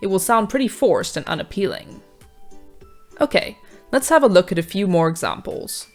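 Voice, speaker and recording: A woman reading a scripted revision lesson in a measured, clear teaching manner. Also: lowish voice, big pitch swings, soft background music. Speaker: revision tutor. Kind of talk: scripted educational narration.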